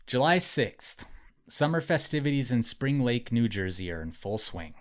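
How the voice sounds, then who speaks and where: Guy with a lowish voice narrating a story on a podcast, casual, says like a lot. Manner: chatty, hedging with frequent "like" and "um". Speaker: podcast host telling a true story.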